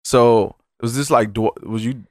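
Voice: medium pitch, unhurried, dry recording, clean studio sound. A podcast host in casual comedic banter, asking questions and riffing on the story in slangy talk. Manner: animated, slangy, asks questions and riffs in put-on voices.

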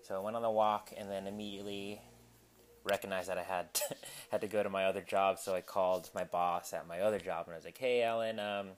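Young man talking haltingly at home. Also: low voice, little pitch movement. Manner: halting, full of ums and restarts, candid. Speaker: podcast host. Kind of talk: casual personal story. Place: his apartment, cleaning up. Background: household noise.

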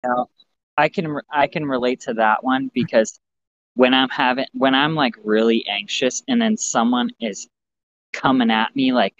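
A podcast co-host chats casually at normal speed, animated and swearing, sometimes mimicking others in a higher voice. The sound is dull and lo-fi with faint noise.

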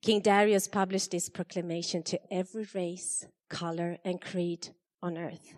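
A woman giving an expressive Bible reading to a church congregation, her voice rising for the quoted speakers. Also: lowish voice, unhurried, few pauses. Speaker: scripture reader. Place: church hall. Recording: long hall reverb.

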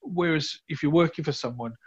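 Male podcast host, husky mid voice, reflective, muffled lo-fi mic. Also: fairly high pitch, a little fast. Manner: reflective, many restarts. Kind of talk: casual conversation. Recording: dull, slightly lo-fi sound.

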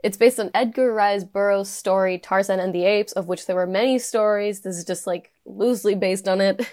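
A woman's voice: medium pitch, fairly even intonation, fairly quick, a little mellow. Young woman podcast co-host, laughing often. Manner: laughs often, swears casually. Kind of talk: casual chat reading film credits.

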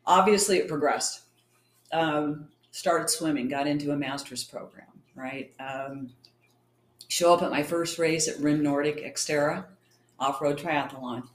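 A woman's voice: deep voice, measured pace. A middle-aged woman from California, a champion cyclist and triathlete, chatting as an interview guest and acting out the dialogue in her stories. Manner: chatty, acts out quoted dialogue. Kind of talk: casual storytelling interview. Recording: roomy echo.

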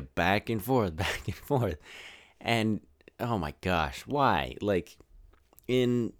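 A man's voice: on the low side, no echo, clean studio sound. A man hosting a podcast, giving a casual, rambling movie review with lots of restarts. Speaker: podcast host.

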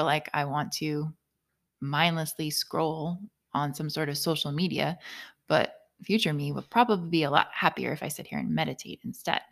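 A woman in her thirties co-hosting a casual podcast, telling family stories with frequent laughs. Her voice sits a little low with a gravelly fry at the ends of phrases. She slips into playful voices when quoting others. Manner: animated storyteller, laughs often, acts out quotes. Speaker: podcast co-host, mother. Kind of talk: casual chat.

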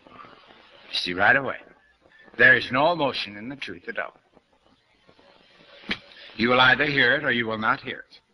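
On a low-quality recording, an older New Thought lecturer speaks to an audience about spiritual matters, his mid-range voice pushed and bright. He talks straight to his listeners, bluntly posing questions.

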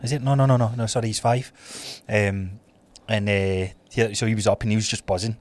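A Scottish man co-hosting a podcast, chatting in a relaxed way and throwing in quick follow-up questions. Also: lowish voice, a little hiss or hum. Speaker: podcast co-host. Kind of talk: casual chat.

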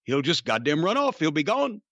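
A man's voice: fairly high pitch, brisk, no echo, studio quality, exaggerated voice. A man voicing an older male wrestler who gives insistent, repetitive orders with a straight face. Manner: insistent, repetitive, deadpan-serious.

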